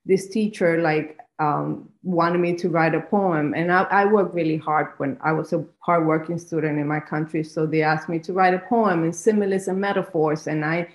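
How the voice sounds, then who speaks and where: A woman with a Spanish accent, Spanish her first language, telling her life story as an interview guest, reflective and halting, often restarting. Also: low-pitched, fairly even intonation, roomy sound. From Spanish-speaking country. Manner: reflective, many restarts and fillers. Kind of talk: personal storytelling.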